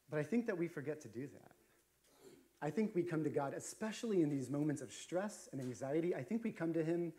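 A man's voice: medium pitch, dark tone. A man preaching a sermon as a pastor, chatty and storytelling, with frequent fillers and restarts. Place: church sanctuary.

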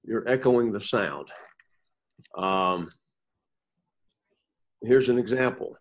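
Man teaching a Bible class, halting. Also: on the low side. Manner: halting, repeats words, checks in with 'okay?'. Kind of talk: classroom lecture with questions to students. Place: classroom with students.

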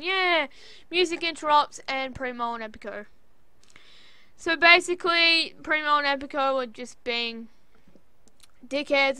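An Australian woman rattles through a wrestling recap in a high, bright voice. She rambles, curses freely and keeps breaking into loud outbursts. The sound is close and dry, with no room around it. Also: clean tone, no echo. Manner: excitable, rambling, cursing, with sudden loud outbursts. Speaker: wrestling show reviewer. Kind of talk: casual recap commentary.

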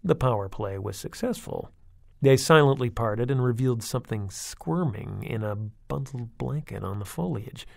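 Brief: gravelly male narrator, dry close mic, wry storybook delivery. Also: mid-range voice, expressive, moderate pace, dry recording. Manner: wry, conversational first-person storytelling. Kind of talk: audiobook reading of a horror story.

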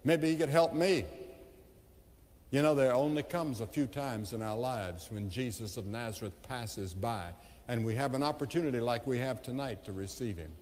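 A man evangelist preaching a sermon, telling the story with impassioned rises and hushed drops, recorded in a large evening crusade venue with long reverb. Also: medium pitch, normal speed.

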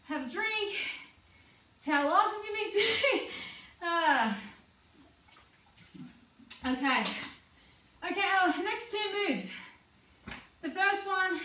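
A woman's voice: very high-pitched, a little hiss or hum. Breathless, whooping fitness coach woman. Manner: energetic, cheering, whooping encouragement. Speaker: fitness instructor. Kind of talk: live workout class coaching. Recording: echoey room, mic at a distance.

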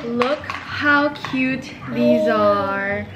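A woman's voice: on the high side, slow pace, few pauses, heavy background noise. A young woman vlogging in casual chat, telling stories and acting out what people said. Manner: chatty, says "like" a lot, retells stories with quoted voices.

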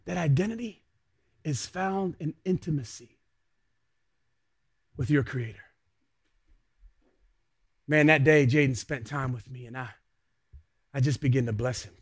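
A young adult male pastor preaching a sermon, swinging between hushed words and shouted peaks. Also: mid-range voice, breathy edge.

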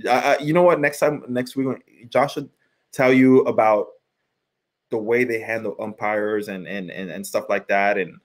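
Low-voiced man in rambling sports chat. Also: steady tone, moderate pace. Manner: rambling, repeats words while thinking. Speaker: podcast host, former college pitcher.

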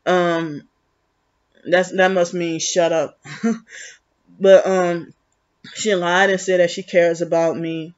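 A woman's voice: on the low side, little pitch movement, slow, pauses often. A woman vlogging in a rambling, agitated, accusatory monologue, full of restarts. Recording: muffled lo-fi recording.

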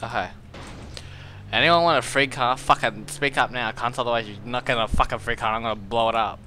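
A young man chatting casually while gaming, excitable and swearing a lot. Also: mid-range voice, brisk, slight background noise. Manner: excitable, profane, laughs a lot. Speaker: gamer.

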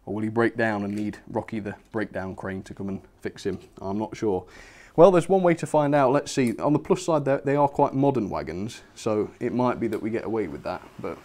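A young man runs a model railway livestream, speaking briskly in a fairly low, slightly mellow voice with hardly a pause. He chats with viewers, laughs frequently, jokes at his own expense and reads the chat out loud.

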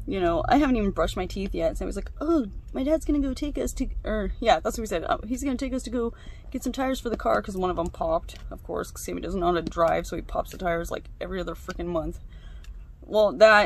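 A woman's voice: fairly low pitch, a little hiss or hum. A young woman chatting casually while she crafts, venting and swearing freely. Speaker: craft vlogger.

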